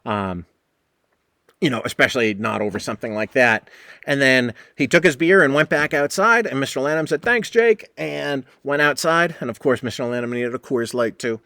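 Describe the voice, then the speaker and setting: With a bright, forceful, medium-pitched voice at a moderate pace, a bartender hosting a podcast spins a meandering, foul-mouthed tale from behind the bar. He voices the people in it, and the recording is dry, in a casual storytelling style.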